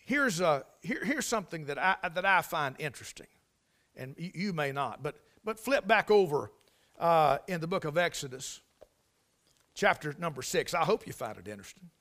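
A man preaching a sermon in a conversational way, repeating and restarting phrases and swelling loudly on key lines. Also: a little high, expressive, normal speed.

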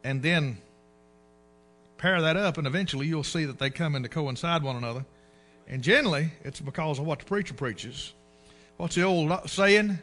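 A man preaching a sermon, folksy and animated, acting out the voices in the scripture he reads. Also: on the high side, moderate pace. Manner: animated preaching, acts out quoted speech, folksy.

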